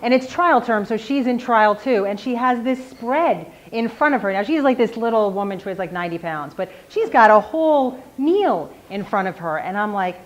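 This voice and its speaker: A woman's voice: on the high side, expressive, normal speed, few pauses. A woman, a defense attorney, telling a personal story at a live storytelling event in a casual, self-mocking way, with frequent "like". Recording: slightly dull live recording with faint ambience.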